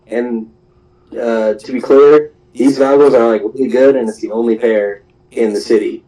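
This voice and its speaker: A young man recapping an anime episode in a loose, rambling way, with lots of "um"s and asides. His voice is mellow and low-key, pitched in a middle range, and reads as unscripted chat. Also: fairly even intonation, normal speed, low-quality recording. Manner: rambling, full of fillers and laughs.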